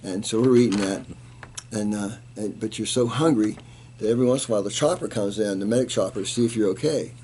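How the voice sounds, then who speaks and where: A man in his seventies, a retired Army colonel, telling animated stories in an interview and acting out the quotes. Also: fairly low pitch, quick pace, a little hiss or hum. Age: 70s. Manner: animated anecdote teller, acts out quotes, laughs. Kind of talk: storytelling in an interview.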